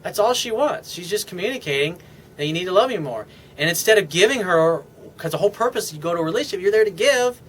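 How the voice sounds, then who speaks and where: A man's voice: high voice, expressive, quick pace, a bit bright, a little hiss or hum. A man giving casual, unscripted dating advice as a relationship coach, speaking bluntly and swearing freely. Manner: blunt and profane, talks straight to the listener.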